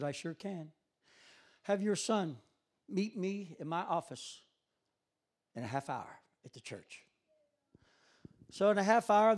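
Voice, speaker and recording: A man preaching a sermon, retelling a story with quoted dialogue and building to loud, emphatic peaks. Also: high-pitched.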